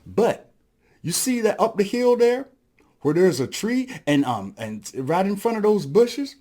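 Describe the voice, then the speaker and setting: A cocky little trickster rabbit, put on by a male storyteller, bragging in a high, bouncy voice that jumps all over the place. He talks smooth and sly, like he's always selling something. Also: big pitch swings, a little slow, a little mellow, heavily acted. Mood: boastful. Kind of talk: storytelling performance.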